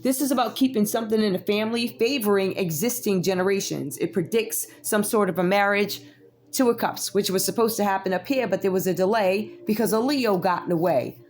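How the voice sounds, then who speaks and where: A woman's voice: mid-range voice, brisk, darkish tone, a little hiss or hum. A woman, giving a casual tarot reading with sassy, chatty asides to her viewers. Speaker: tarot reader.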